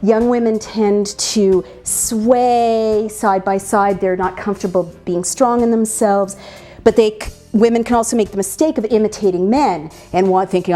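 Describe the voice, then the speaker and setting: A woman's voice: medium pitch, fairly even intonation, moderate pace, mellow, soft background music. A woman teaching public speaking to a live audience, emphatic and demonstrating vocal habits by acting them out. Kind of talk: instructional talk to an audience.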